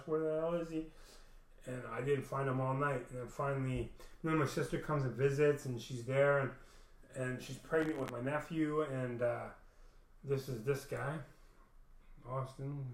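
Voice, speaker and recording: A young man casually telling a long personal story, rambling with many restarts and frequent swearing. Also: mid-range voice. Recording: roomy echo.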